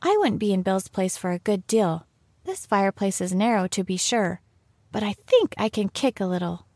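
A woman's voice: medium pitch, animated, moderate pace, a little mellow, no echo, clean studio sound. A woman voicing a curious, talkative young girl who chatters and scolds herself. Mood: musing.

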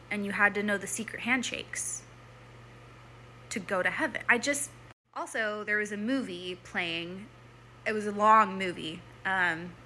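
A woman's voice: mid-range voice, pushed and bright, slight background noise. A young woman telling a personal story in a chatty way, full of "like" and "um", often acting out her own past thoughts. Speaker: former church member telling her story.

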